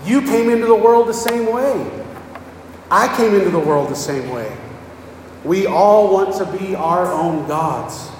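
A man's voice: sits high, expressive, a little slow, slight background noise. A man preaching a sermon in a plain, conversational way, often checking in with the congregation. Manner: plain-spoken, repeats "okay?" to check on listeners. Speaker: pastor. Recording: echoey hall, voice from far off.

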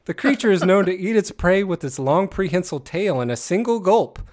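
A man's voice: sits high, animated, fairly quick, a little mellow. A man hosting a casual guessing game, reading descriptions aloud, often laughing mid-sentence and stumbling over words. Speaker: game host.

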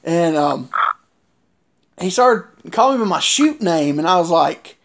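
A man's voice: a little high, lively intonation, slow, vocal fry. A man telling a wrestling story in casual chat, rambling with many fillers and restarts.

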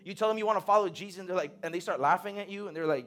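A young man preaching in a relaxed, conversational way, full of slang and acted-out quotes. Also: sits high, rapid-fire. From United States. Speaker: pastor. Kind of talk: sermon.

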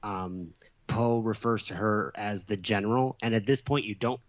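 A middle-aged man in a casual chat, an animated storyteller who also answers quickly as a listener. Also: on the low side. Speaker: podcast co-host. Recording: slightly dull, lo-fi sound.

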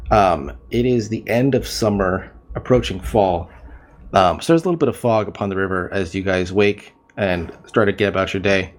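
A man with a fairly low voice narrates a tabletop game as game master. He pauses often and fills the gaps with ums. He is heard over an online voice call. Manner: hesitant, frequent ums.

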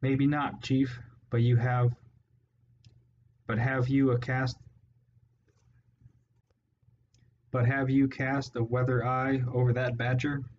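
A jittery, hot-tempered male rat henchman hisses and splutters his words, as a man reading a storybook puts him on. His voice sits a little higher than the reader's own. The recording is dull, with a faint background hiss. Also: flat delivery, unhurried, a little mellow, natural voice. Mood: anxious. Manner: hissing, spluttering.

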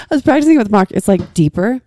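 A woman co-hosting a podcast in casual chat, teasing playfully and laughing quickly. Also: medium pitch, expressive, warm tone, a little hiss or hum. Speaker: podcast co-host.

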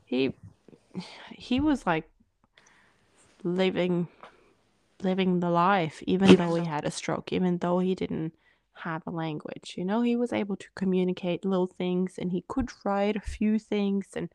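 Her voice sits on the low side with some vocal fry, and she talks a little slowly. As a podcast co-host in casual conversation, she animates her story by acting out what people said. There's no echo.

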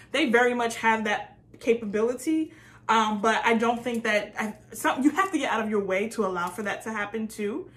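A woman's voice: fairly high pitch, fairly bright tone. A woman co-hosting a casual chat about a reality show, playful and laughing often. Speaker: podcast co-host.

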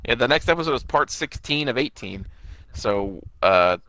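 A man's voice: mid-range voice, animated, moderate pace, pushed and bright, rough recording. A man talking casually and profanely, rambling through his thoughts with fillers and restarts. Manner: rambling, swearing, trailing off with fillers. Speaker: podcast co-host. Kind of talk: casual recap chat.

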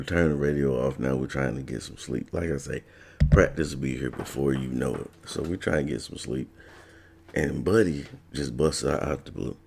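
A man's voice: extremely low pitch, creaky, darkish tone, slightly rough. A man from Georgia telling a personal story in a laid-back, casual way, laughing now and then.

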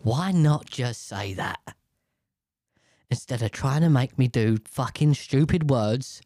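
A man's voice: medium pitch, lively intonation, takes it slowly, mellow, no echo, studio quality. A man reading news stories aloud, stumbling over hard words and ranting about them with lots of swearing. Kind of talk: casual reaction commentary.

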